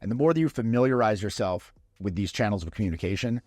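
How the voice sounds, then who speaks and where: A man with a fairly low voice gives a conversational social skills lesson straight to the viewer. He often checks in with quick "right?" tags. The sound is dry and close, with almost no room echo. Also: expressive, darkish tone. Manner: conversational, often adds "right?" tag questions. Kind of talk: instructional talk to camera.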